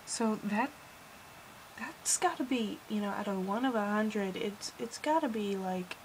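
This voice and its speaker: A teenage girl giving a casual, gushing film review vlog, rambling, dropping into whispers and then bursting out louder. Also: medium pitch, animated, unhurried, a little hiss or hum, poor audio. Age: teens. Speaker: vlogger.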